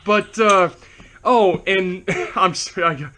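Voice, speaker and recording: A young man with a high, bright voice chats casually as a movie review co-host. He keeps cracking up mid-story and rambles on with loose, giggly energy. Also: slow pace. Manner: giggly, keeps breaking into laughter while telling stories. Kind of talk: casual chat.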